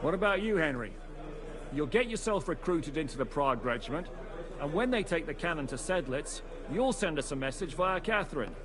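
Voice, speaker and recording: An actor playing a blunt male war leader who gives orders briskly and swears. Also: a little high, animated, crowd noise, lightly acted. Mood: commanding. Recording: game audio over tavern murmur.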